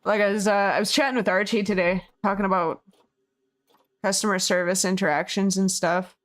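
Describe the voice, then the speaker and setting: A hoarse woman streamer chatting casually with her viewers, rambling, laughing often and swearing freely. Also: mid-range voice, steady tone, fairly quick. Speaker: game streamer. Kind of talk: casual chat with viewers while building.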